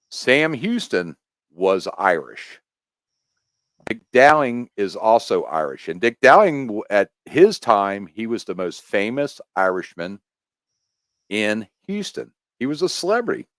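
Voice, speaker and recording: Rambling, animated American man. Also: mid-range voice, no room sound. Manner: rambling, animated explaining with restarts. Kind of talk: casual chat.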